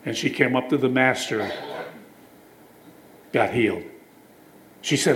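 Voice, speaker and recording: Man, preacher, sermon, storytelling, scripture reading, mid pitch. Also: takes it slowly, a little hiss or hum, rough recording. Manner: storytelling, quotes scripture, asks the congregation questions.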